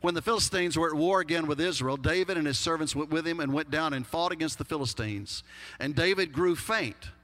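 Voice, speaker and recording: A man's voice: fairly high pitch, a little fast, a bit bright. A man with a Texas accent preaching a sermon as pastor, folksy and emphatic with humorous asides. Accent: Texan. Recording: long hall reverb.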